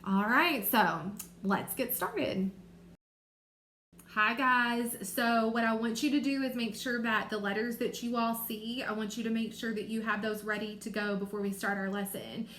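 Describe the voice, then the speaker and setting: A woman teaching a remote reading lesson to young children, sounding out letters and words slowly and clearly. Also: on the high side, fairly bright tone. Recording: echoey room with faint noise.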